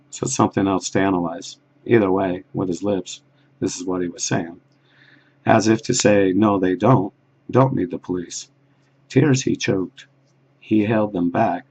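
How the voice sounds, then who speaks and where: A man talking in a rambling solo monologue, with a halting, muttered delivery and soft chuckles. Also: on the low side, vocal fry. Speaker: video blogger.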